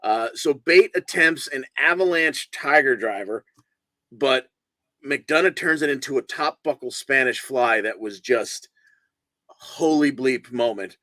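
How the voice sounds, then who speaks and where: A man co-hosting over a video call, with a bright, forward voice recorded close and dry. He recaps matches casually, rambling through them with fillers. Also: medium pitch, unhurried, no room sound. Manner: relaxed, rambling play-by-play with fillers. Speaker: podcast co-host.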